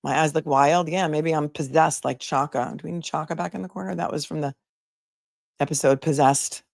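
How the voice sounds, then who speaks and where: A woman's voice: deep voice, steady tone, a little fast, gravelly, darkish tone, no echo. Chatty woman host, dry close sound. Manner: chatty, jokey, reads chat messages aloud. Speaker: host of a live trial commentary stream. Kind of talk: casual live-stream chat reading viewer comments.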